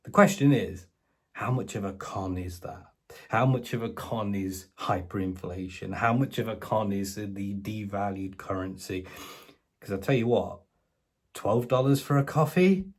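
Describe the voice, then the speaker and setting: A man's voice: fairly low pitch, a little slow, breathy edge. A middle-aged British man giving a sarcastic, casual commentary monologue, mocking and incredulous, with colloquial asides. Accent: British English. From Britain. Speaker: political commentator.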